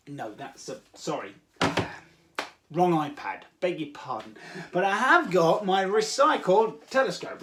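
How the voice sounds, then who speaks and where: Playful English man with a high voice. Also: animated, a little slow, fairly bright tone. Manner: playful, jokey, many "uh" fillers. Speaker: host of a children's activity show. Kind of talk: upbeat chat to children.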